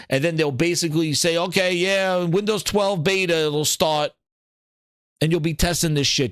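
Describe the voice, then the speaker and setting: A man's voice: a little high, dry recording, clean studio sound. A man hosting a gaming podcast, ranting sarcastically and swearing freely in casual commentary. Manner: profane, sarcastic, animated. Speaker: podcast host.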